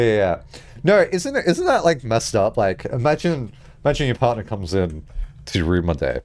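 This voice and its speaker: Young man, game streamer, casual rambling commentary, animated pitch swings, mid pitch, frequent laughter. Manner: rambling comedic tangents, laughing often.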